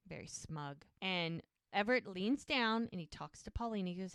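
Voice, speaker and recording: A woman's voice: medium pitch, animated, normal speed, hardly any pauses, sharp tone, clean tone, no echo, clean studio sound. A woman co-hosting a podcast, casually retelling TV scenes and acting out the characters' lines. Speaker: podcast co-host. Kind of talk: casual recap chat.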